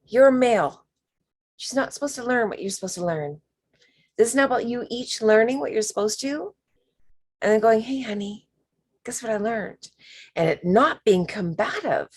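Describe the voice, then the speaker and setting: A woman leading a spiritual workshop, talking slowly and emphatically and sometimes dropping to a whisper. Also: on the high side, expressive. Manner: slow, emphatic, drops to whispers. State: emotional. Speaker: workshop leader.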